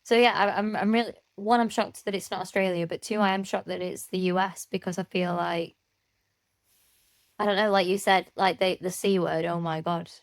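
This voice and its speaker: A woman's voice: lowish voice, steady tone, normal speed, vocal fry, no room sound, clean studio sound. A woman from the United Kingdom co-hosting a podcast, playful and giggly as she guesses and chats. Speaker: podcast co-host. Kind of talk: casual chat.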